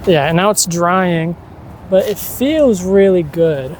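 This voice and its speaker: A car owner talking casually through a DIY vlog beside their car outdoors, gushing and exclaiming with drawn-out words. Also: medium pitch, lively intonation, darkish tone, slight background noise.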